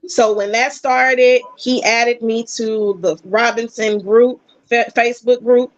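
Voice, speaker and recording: A woman guest chatting casually, telling a personal story in animated bursts. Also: on the high side, slow pace, no room sound. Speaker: podcast guest. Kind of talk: casual chat. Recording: dull, dry lo-fi sound.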